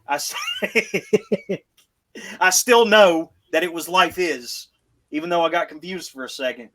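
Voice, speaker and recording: A man's voice: on the high side, takes it slowly, pushed and bright. A man co-hosting a casual podcast chat, rambling with restarts and wry asides. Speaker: podcast co-host.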